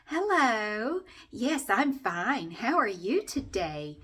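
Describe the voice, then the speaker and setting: A Southern woman putting on a sugary, fake-cheerful housewife voice that politely threatens, drawn out slowly. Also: on the high side, sing-song, a bit bright, slightly rough, heavily acted. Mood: sugary menace. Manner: syrupy sweet, slow and drawn out.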